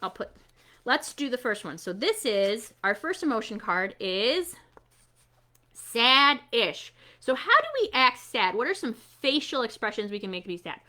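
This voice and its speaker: Woman host for kids' storytime, unhurried, bright and a bit high, animated and coaxing. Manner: animated, coaxing, talks straight to children. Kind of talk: storytime activity for kids.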